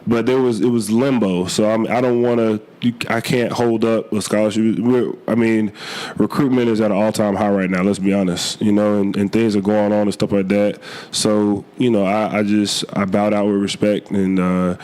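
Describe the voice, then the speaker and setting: Earnest hoarse young man, low voice. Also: level tone, a little mellow. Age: young adult. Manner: earnest, halting, many fillers. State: hoarse from a cold. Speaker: college football player. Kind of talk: interview answers.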